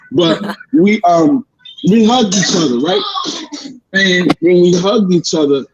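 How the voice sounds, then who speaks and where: A man's voice: high voice, expressive, slow pace, dull audio, background noise. A man chatting heartfelt and conversationally as co-host, with lots of fillers. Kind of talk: casual talk-show chat.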